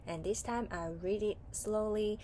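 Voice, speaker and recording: With slight background noise, a woman with a Hong Kong English accent and a mellow, medium-pitched voice teaches a children's online English reading lesson at a slightly slow pace. She is patient, asking questions and waiting for answers.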